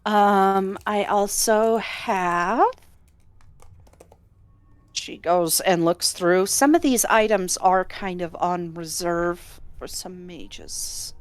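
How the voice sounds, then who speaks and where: Slow-talking woman running a tabletop game. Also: fairly low pitch, clear, resonant tone, no room sound. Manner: relaxed, unhurried, laughs often. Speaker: game master.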